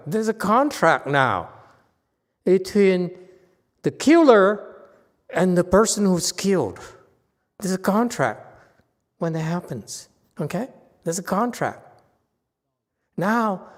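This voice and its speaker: A man with a Chinese accent giving a Buddhist Dharma talk, explaining ideas slowly and often checking with his listeners. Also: high-pitched, long reverb tail. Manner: slow, conversational teaching with frequent "okay?" checks. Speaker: Buddhist meditation teacher. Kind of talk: Dharma talk with audience questions.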